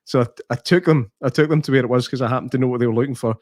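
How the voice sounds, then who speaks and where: A man with a Scottish accent co-hosting a podcast, telling self-deprecating stories in casual chat and clearing his throat often. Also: medium pitch, very fast, darkish tone, no echo, clean studio sound. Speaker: podcast co-host.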